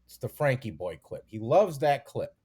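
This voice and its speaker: A man's voice: mid-range voice, very animated, normal speed, a little mellow, breathy edge. A man co-hosting a comedy podcast, telling a story and teasing his guest. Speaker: co-host. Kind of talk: casual comedy podcast chat.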